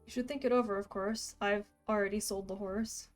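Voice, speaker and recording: A woman's voice: mid-range voice, fairly even intonation, brisk, soft background music, natural voice. A woman reading a friendly young male farmhand's lines aloud in rhyme, in her own voice. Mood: easygoing. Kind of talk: reading a video game's dialogue aloud.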